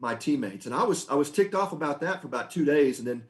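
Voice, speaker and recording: Man, middle-aged, podcast guest, relaxed storytelling, chatty. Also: on the high side, fast talker. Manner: relaxed, anecdotal, frequent restarts and laughs. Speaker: podcast guest, former pitcher. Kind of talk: conversational storytelling.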